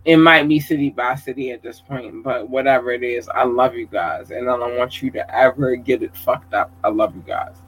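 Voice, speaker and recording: A man giving casual livestream shout-outs to viewers, effusive and affectionate, calling them babies and swearing casually. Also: medium pitch, moderate pace, few pauses, slightly rough, poor audio.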